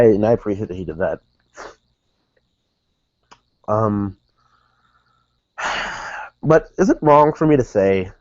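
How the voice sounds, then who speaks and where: A man with a lowish voice talks through a wrestling recap in a loose, rambling way, stopping to correct himself and tossing in "dude" and "like". The recording is dry and a little dull, with no room sound around him. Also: mellow, dry recording. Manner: rambling, self-correcting, says "dude" and "like" a lot. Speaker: wrestling show reviewer. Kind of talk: casual recap commentary.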